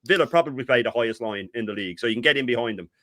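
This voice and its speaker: A middle-aged man co-hosting a fan talk stream, ranting in an animated, exasperated way. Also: medium pitch, rapid-fire, dry recording, clean studio sound. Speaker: co-host.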